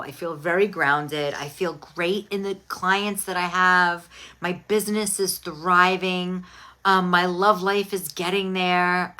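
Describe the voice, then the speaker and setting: A woman's voice: fairly low pitch, pushed and bright. A middle-aged woman host in casual, candid chat, talking expressively about her week.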